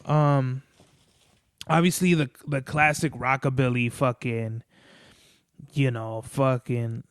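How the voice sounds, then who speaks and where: A man's voice: mid-range voice, steady tone, slow, clean tone, no room sound, clean studio sound. A man hosting a podcast, rambling in casual chat, swearing often and peppering his talk with "like" and "bro.". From Mexican-American family. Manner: rambling, profane, lots of "like" and "bro". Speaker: podcast host. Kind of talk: casual solo monologue.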